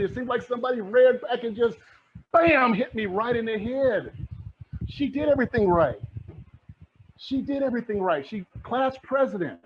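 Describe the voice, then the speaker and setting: Fired-up high-voiced man preaching wealth. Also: expressive, normal speed, a little hiss or hum. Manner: fired-up, preachy, repeats phrases. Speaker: guest speaker, real estate mentor. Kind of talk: motivational talk. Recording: dull lo-fi sound.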